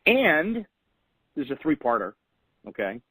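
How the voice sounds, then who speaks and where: A man's voice: fairly high pitch, very animated, slow, pushed and bright, breathy edge, no room sound, rough recording. A man hosting a weekly call, giving motivational coaching in an earnest way and repeating key phrases for emphasis. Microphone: phone call.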